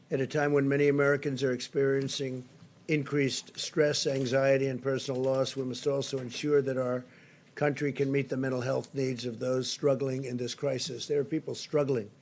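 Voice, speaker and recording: An older political leader gives spoken press briefing remarks at a podium microphone in a briefing room. His medium-pitched voice is a little mellow, with slight background noise, and his delivery is repetitive and emphatic, heavy on superlatives.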